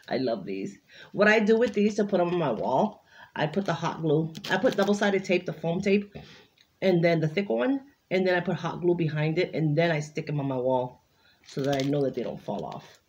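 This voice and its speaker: A woman's voice: on the low side, a little mellow, slight background noise. A woman crafting vlogger in casual unboxing chat, gushing and exclaiming over each item she opens.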